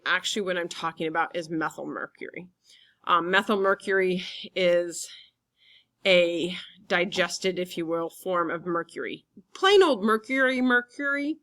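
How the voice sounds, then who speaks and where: A woman teacher giving a relaxed classroom lecture, chatty and full of fillers. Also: fairly low pitch.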